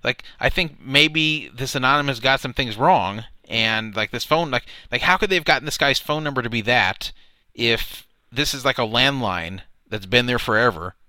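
Brief: male talk-show host, bright forceful voice, dry close sound, stammers and hedges. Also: mid-range voice, moderate pace, dry recording. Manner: hesitant, stammering, cautious. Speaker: podcast host. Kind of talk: casual talk-show chat.

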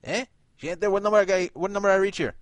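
Man doing a put-on Mexican-accented prank caller, higher and louder than his own voice, music behind. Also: racing, dry recording, close to an everyday voice. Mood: sheepish. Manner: broken-English questions, apologetic. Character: fake wrong-number caller, adult man, sheepish.

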